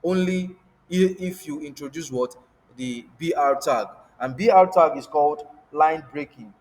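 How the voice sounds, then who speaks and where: A man with a fairly high voice teaches a coding lesson, pausing to throw out rhetorical "what?" questions for the class to fill in. His voice rings with a long reverb, as if he is recording in a bare room. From Africa. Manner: repetitive, asks rhetorical "what?" prompts. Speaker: coding instructor. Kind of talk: screen-share coding lesson.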